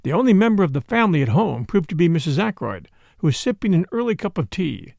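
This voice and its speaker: Expressive man reading a classic novel. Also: on the high side, quick pace, gravelly, dry recording. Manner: expressive, dry first-person narration. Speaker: audiobook reader.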